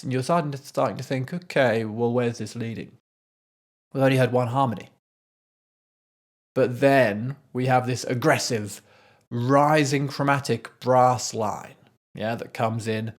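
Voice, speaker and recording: A man, a composer, talking through a piece of music in casual commentary, thoughtful, with frequent restarts and sung rhythms. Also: medium pitch. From Scotland.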